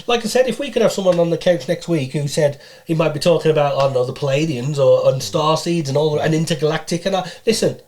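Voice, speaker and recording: Male podcast host, slightly high voice, easygoing, halting questions. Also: a little mellow. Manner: open-minded, hesitant questioning with restarts. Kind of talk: casual interview chat.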